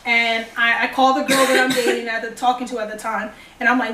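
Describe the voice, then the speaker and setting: Young woman, kinda high voice, telling her story all animated, roomy sound from away from the mic. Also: fairly quick, few pauses. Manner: animated, acts out dialogue. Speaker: vlogger. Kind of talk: personal storytelling. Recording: echoey room, distant mic.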